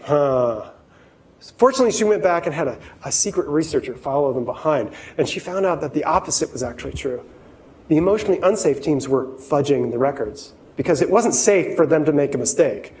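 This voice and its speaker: Guy with a high voice doing a keynote, talks right at the crowd, acts out the quotes. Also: expressive, a little fast, dark tone, rough recording. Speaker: keynote speaker. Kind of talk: workplace keynote talk to a live audience.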